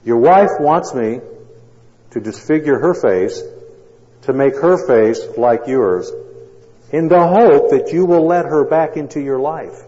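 A man voicing a male surgeon who calls loudly through a door, pleading. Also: on the low side, animated, normal speed, close to an everyday voice. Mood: urgent. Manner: loud, pleading. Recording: dull sound, long hall echo.

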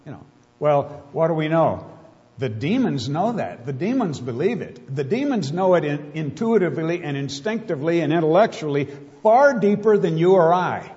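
A man preaching a sermon, emphatic and full of rhetorical questions, slowing down to stress key words. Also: fairly high pitch, sing-song, a little mellow. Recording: muffled sound with long hall reverb.

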